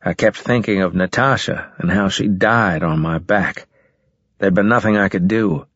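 Man, audiobook narration, first person, measured, low husky voice, slightly dull lo-fi sound. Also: fairly bright tone, no echo.

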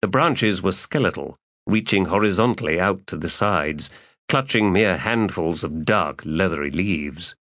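A man narrates a fantasy story in a low, deep voice. His reading is measured and even. It is recorded close, in a dry space with no echo. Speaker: audiobook narrator. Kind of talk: scripted narration.

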